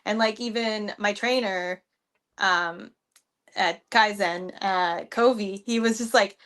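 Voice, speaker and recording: A woman who wrestles, guesting on a podcast and telling stories in an animated way, full of "like". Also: mid-range voice, slow. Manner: animated storytelling, heavy use of "like". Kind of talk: casual podcast chat.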